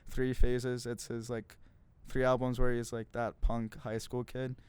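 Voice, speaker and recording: A man's voice: medium pitch, flat delivery, measured pace, a little mellow, smooth, no room sound. A young man co-hosting a casual podcast, rambling with lots of fillers and frequent laughter. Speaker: podcast co-host. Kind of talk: casual chat. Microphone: studio mic.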